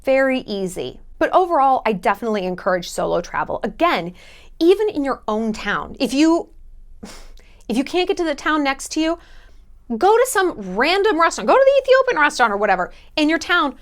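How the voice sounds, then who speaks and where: A woman's voice: high voice, sing-song, a little fast. A woman travel vlogger giving casual advice in a blunt, jokey, sometimes profane way.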